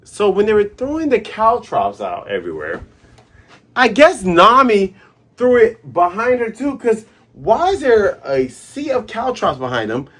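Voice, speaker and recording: Host, man, husky voice, lively comic recap, sound effects on the fly. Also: high voice, unhurried. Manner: animated, doing sound effects and character voices.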